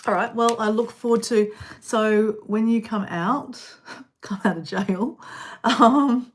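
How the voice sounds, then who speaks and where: A woman's voice: on the high side, takes it slowly. Woman rambling on a livestream, chatty, mouth full of snacks, indoors. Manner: rambling, chatty, talks while eating. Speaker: live-stream host. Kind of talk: casual live-stream chat. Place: indoor room.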